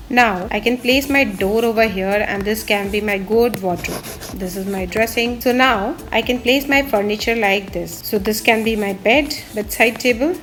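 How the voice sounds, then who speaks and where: A woman's voice: a little high, a bit bright. A woman, an architect and interior designer, explaining step by step how to lay out furniture on a house plan. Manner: explains step by step, pointing out spots on a drawing. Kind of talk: instructional walkthrough of a floor plan.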